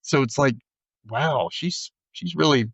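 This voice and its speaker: A man's voice: medium pitch, measured pace, slightly rough, no echo, muffled recording. A man hosting a podcast, casually recapping an episode and acting out the characters' lines. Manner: animated retelling, acts out character lines. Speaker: podcast host.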